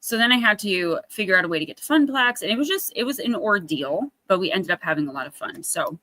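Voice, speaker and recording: A woman's voice: mid-range voice, animated, fast, bright, forceful tone, dry recording. A woman in her thirties hosting a casual livestream, chatty and storytelling, acting out little quotes. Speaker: oracle card reader, livestream host.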